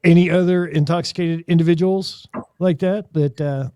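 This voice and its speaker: A man's voice: on the high side, steady tone, moderate pace, dark tone, no echo. A man hosting a podcast, chiming in casually and summing up his guest's stories. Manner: chimes in, sums up. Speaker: podcast host. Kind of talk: casual chat.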